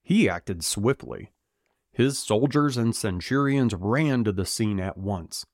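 A man with a low voice that swings widely in pitch, reading scripture with animated, joking energy. His voice sounds close and dry, with no room around it. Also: slow, dry recording. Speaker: podcast co-host and scripture reader. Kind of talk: casual chat and Bible reading aloud.

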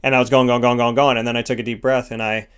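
A man's voice: mid-range voice, level tone, fast, fairly bright tone, smooth. A man hosting a motivational self-help segment, speaking earnestly in repeated, emphatic lists. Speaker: host of a sponsored motivational segment.

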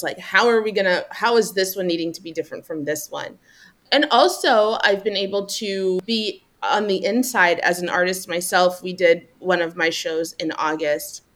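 A woman's voice: mid-range voice, normal speed, fairly bright tone. A woman talking in a casual interview about her marketing work, chatty and upbeat with many fillers. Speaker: marketing manager.

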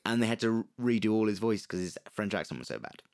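A man's voice: lowish voice, lively intonation, fast talker, a little mellow. A young man co-hosting a podcast, talking in a loose, rambling way and swearing. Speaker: podcast co-host. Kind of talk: casual chat.

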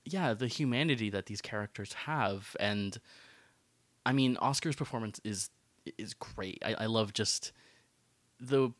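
A man's voice: fairly low pitch, a little slow, no echo. A man co-hosting a casual film podcast, talking in rambling runs full of fillers and restarts. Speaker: podcast co-host.

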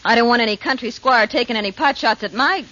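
A woman's voice: fairly high pitch, fast talker, sharp tone. An actress playing a slangy, wisecracking young woman in an old radio drama. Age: young adult. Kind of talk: 1940s radio drama acting. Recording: dull old radio recording.

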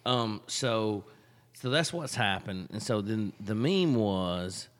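A man's voice: on the low side, expressive, slow, long reverb tail. A man with an Alabama Southern accent, co-hosting a casual podcast chat and rambling through stories. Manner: chatty, rambling storyteller. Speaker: podcast co-host.

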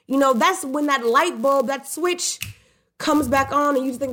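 Woman host, fairly high voice, casual profane song commentary, emphatic and reflective. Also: animated, moderate pace, fairly bright tone. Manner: reflective, with restarts and self-questioning.

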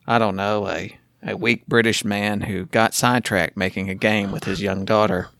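A man's voice: on the low side, steady tone, normal speed, gravelly, fairly bright tone, no echo, clean studio sound. A man co-hosting a podcast, joking and teasing through casual banter and laughing often. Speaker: podcast co-host.

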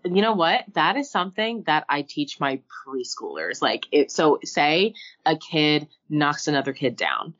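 A woman's voice: deep voice, big pitch swings, unhurried, fairly bright tone, highs cut off. A woman who teaches preschool, chatting casually as a podcast guest and acting out talks with children.

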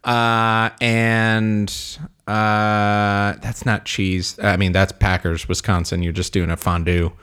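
A man's voice: lowish voice, little pitch movement, slow, a bit bright, clear, resonant tone. A man co-hosting a podcast in casual chat, playful and joking, often laughing. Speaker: podcast co-host.

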